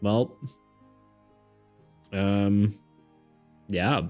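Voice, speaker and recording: A man's voice: lowish voice, fairly even intonation, very slow, darkish tone, faint music behind. Easygoing man hosting a tabletop game. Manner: casual, hesitant narration with many fillers and laughs. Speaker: game master. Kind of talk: narrating a tabletop game on stream.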